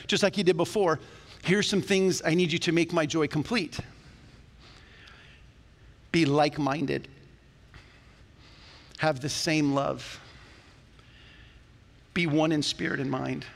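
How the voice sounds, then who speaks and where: A male pastor preaching a sermon in a church, talking to the congregation in a conversational, animated way with jokes along the way. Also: a little high, gravelly. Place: church sanctuary. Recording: long reverb of a church hall.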